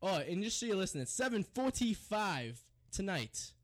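A man's voice: sits high, very animated, normal speed. A young man hosting a college radio show, rambling and joking, goading his co-host. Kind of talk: loose banter and singing on air.

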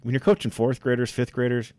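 A man co-hosting a casual sports podcast, talking in a relaxed, drawling way about coaching. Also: medium pitch, quick pace, no room sound. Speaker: podcast co-host.

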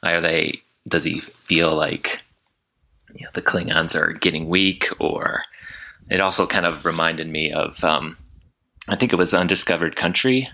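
Man, podcast co-host, very deep voice, bright edge, hesitant, many ums. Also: measured pace. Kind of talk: casual chat.

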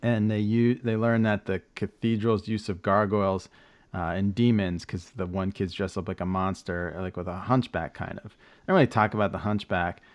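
A male podcast host with a somewhat low voice rambles through a casual recap. He stops and restarts a lot, fills gaps with ums, and slips in wry jokes. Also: fairly even intonation, moderate pace, lo-fi sound. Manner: joking asides with laughs. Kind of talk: casual chat.

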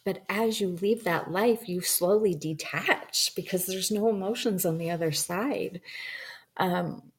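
A woman's voice: mid-range voice, a little slow, slightly rough. A woman recounting a personal experience in a rambling, reflective way, full of ums and you-knows. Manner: acts out quoted dialogue in shifting voices. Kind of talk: personal storytelling about a past-life regression session.

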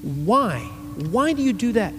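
A man's voice: high-pitched, big pitch swings, takes it slowly, over music. A male pastor preaching a conversational sermon to his church, acting out quotes in his telling.

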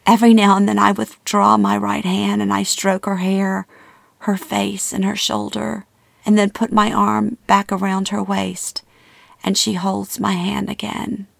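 A middle-aged woman narrating a personal memoir in a calm, measured, intimate way. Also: medium pitch, vocal fry, no room sound, studio quality. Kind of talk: memoir reading.

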